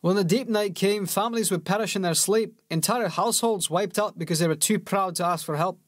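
A man's voice: high voice, fairly quick, dry recording, clean studio sound, voice pushed up. A man voicing a scornful, bulky warrior lieutenant. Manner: scornful, gruff soldier talk.

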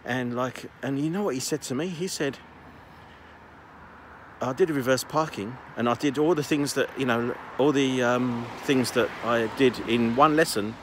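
A man's voice: medium pitch, normal speed. Guy vlogging on a street walk, rambly and chatty, faint outdoor noise. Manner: chatty, rambling storyteller with laughs. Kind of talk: casual walking vlog chat.

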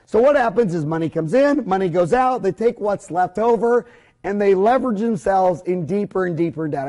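A middle-aged man lectures at a whiteboard in a high, reedy voice. He talks bluntly and opinionated, rambling along with folksy mild cursing. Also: animated, normal speed, a little mellow.

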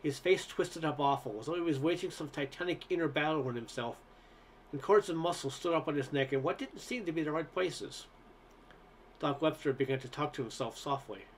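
A man reads a short story aloud in a relaxed, unhurried narrating style, now and then tripping over a word. His voice sits fairly high for a man, with a faint hiss of noise underneath. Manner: relaxed storytelling, occasional stumbles. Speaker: story reader. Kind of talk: audiobook narration.

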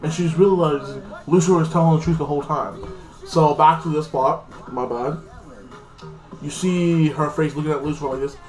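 A man's voice: on the high side, fairly even intonation, moderate pace, a little mellow, echoey room, faint music behind, rough recording. A man giving a casual, rambling episode recap, swearing often and leaning on fillers. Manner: rambling, profane, lots of fillers. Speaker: TV show reviewer.

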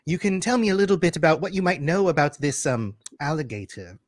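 A man's voice: fairly high pitch, sing-song, quick pace, slight background noise. A man playing a tabletop game in a playful, cheeky way. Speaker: player. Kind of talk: casual role-play.

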